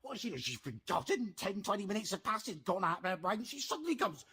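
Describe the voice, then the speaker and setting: A man's voice: high-pitched, very animated, fast, pushed and bright, slightly rough. A young man ranting in a comic vlog monologue, stumbling over repeated words. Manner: ranting, stammering repetitions. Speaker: comedy video creator.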